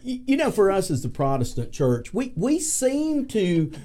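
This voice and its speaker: A woman's voice: medium pitch, sing-song, moderate pace, warm tone, slight background noise. A woman in a casual church discussion, restarting her phrases as she talks.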